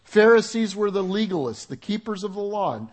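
Older preacher with a high voice. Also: male voice, animated, brisk. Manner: conversational, humorous preaching with audience asides. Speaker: pastor. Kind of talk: sermon. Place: church sanctuary with congregation.

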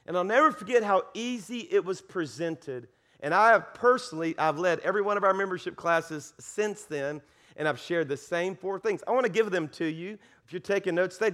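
A middle-aged man preaching a sermon as a guest pastor, telling stories with laughs, repetitions and quick restarts. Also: sits high. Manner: animated storytelling with laughs and repeated words.

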